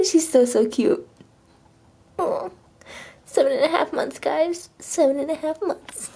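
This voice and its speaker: A woman's voice: high-pitched, unhurried, pauses often, mellow, a little hiss or hum. A woman filming her kitten at home, talking to it in gushing baby talk and laughing often. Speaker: pet owner vlogger. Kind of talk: casual home video narration.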